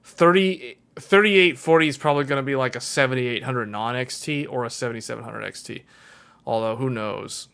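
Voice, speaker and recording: A man's voice: medium pitch, moderate pace, gravelly, fairly bright tone, smooth. A man hosting a tech livestream, casually thinking aloud and correcting himself as he goes.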